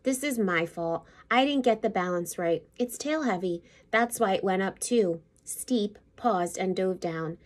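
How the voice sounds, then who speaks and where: A woman reading as a kind older boy cub from a storybook, patient and gentle as he explains. The voice stays close to an everyday woman's. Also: medium pitch, a little slow, hardly any pauses, lightly acted. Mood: reassuring.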